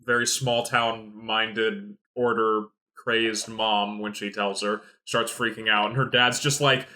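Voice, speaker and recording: A man's voice: fairly low pitch, level tone, slow, bright, forceful tone. A man co-hosting a podcast, chatting casually about a book, blunt and swearing freely as he retells scenes. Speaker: podcast co-host. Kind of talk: casual book-club chat.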